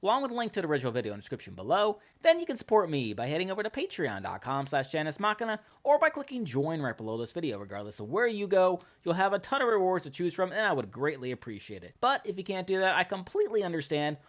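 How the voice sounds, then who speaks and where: A man hosting a reaction video, talking casually and excitably about a comedy clip. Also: on the high side, quick pace, few pauses. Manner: excitable, laughs loudly.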